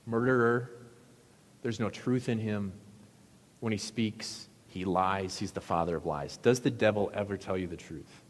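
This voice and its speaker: A man's voice: on the low side, measured pace. Man preaching in an echoey hall. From Wisconsin, US. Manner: conversational storytelling, asks the audience questions. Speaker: pastor. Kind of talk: sermon.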